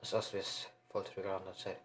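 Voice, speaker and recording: A man narrating an improvised fan story in a rambling, halting way, often restarting his sentences. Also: low voice, completely flat delivery, rough recording.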